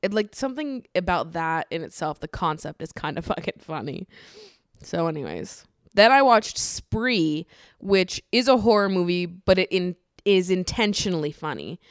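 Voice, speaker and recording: A woman's voice: fairly low pitch, animated, moderate pace, no room sound, clean studio sound. A woman hosting a podcast, rambling in a casual, chatty way, swearing freely and laughing often. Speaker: podcast host.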